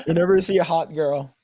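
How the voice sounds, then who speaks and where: A man's voice: fairly high pitch, darkish tone, breathy edge. A man on a podcast casually retelling a cartoon story, rambling, acting out the characters' lines and swearing freely. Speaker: podcast co-host.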